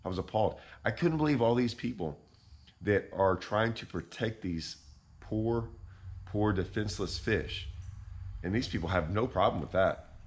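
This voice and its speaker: A man hosting a fishing channel, ranting in deadpan, mock-outraged irony and repeating himself. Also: fairly low pitch, normal speed. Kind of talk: sarcastic vlog rant.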